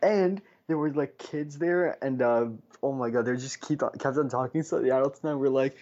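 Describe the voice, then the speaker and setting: A man co-hosting a podcast in casual chat, an animated and chatty storyteller. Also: mid-range voice, normal speed, hardly any pauses. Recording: slightly dull, lo-fi sound.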